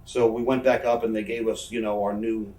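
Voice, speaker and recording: A professional wrestler in his thirties, interviewed as a guest, tells rambling, profane, self-mocking stories in a casual chat. His voice is fairly low, level, dark and a little fast. The mic sits far off in a roomy space.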